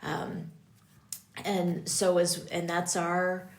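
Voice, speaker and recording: A woman's voice: on the low side, level tone, drawn-out words, creaky, reverberant, a little hiss or hum. An older woman, a priest and guest, talking in a reflective way about leadership and often checking in with "right?". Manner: reflective, often asks "right?" with many ums. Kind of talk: faith-based leadership conversation.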